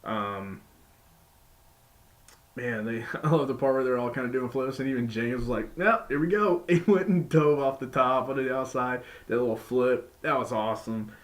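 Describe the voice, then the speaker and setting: A man talks through a wrestling show in a loose, rambling review, his voice sitting at an ordinary middle pitch. He stops and restarts often and fills gaps with "um" and "you know". Now and then he jumps into a higher voice to act out what others said. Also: steady tone, normal speed. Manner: rambling, many fillers and restarts; acts out quotes with sudden high-pitched voices. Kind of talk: casual spoken review.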